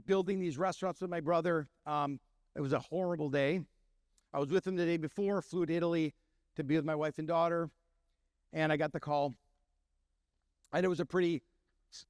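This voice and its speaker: A man's voice: on the high side, dry recording, clean studio sound. A middle-aged man, a chef and restaurant owner from Milwaukee, telling stories to an audience and acting out the voices of the people in them. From Milwaukee, Wisconsin. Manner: animated storytelling, acting out quoted voices. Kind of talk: storytelling talk to an audience.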